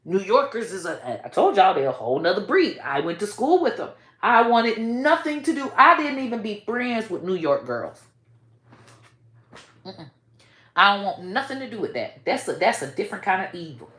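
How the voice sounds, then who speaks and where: A woman giving blunt, profane commentary with sudden loud outbursts. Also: mid-range voice, big pitch swings, moderate pace, roomy sound. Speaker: online commentator. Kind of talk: casual commentary.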